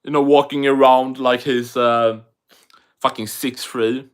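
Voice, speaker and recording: A man's voice: medium pitch, steady tone, a little slow, clean tone. A Swedish man with a Swedish English accent, chatting casually and profanely on an MMA livestream while reading chat aloud. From Sweden.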